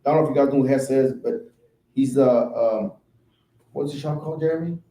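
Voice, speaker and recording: A man's voice: mid-range voice, a little fast, mellow. Laid-back man telling long stories. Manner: rambling, laid-back storyteller. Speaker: podcast guest, car painter. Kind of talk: casual chat, storytelling. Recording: roomy echo.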